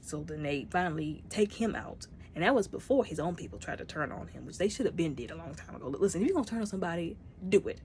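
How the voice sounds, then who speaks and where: Woman, low-pitched, casual movie review, animated, acts out dialogue, faint background noise. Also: quick pace, few pauses. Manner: animated retelling, acting out characters' lines.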